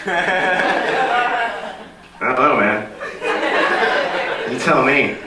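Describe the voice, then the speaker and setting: A man's voice: a little high, lively intonation, normal speed, over a noisy crowd. A man doing a rambling, self-deprecating stand-up set on a small club stage. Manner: rambling, self-deprecating, jumps into silly voices. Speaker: stand-up comedian. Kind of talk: stand-up set at an open mic. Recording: echoey room, mic from far off, noisy.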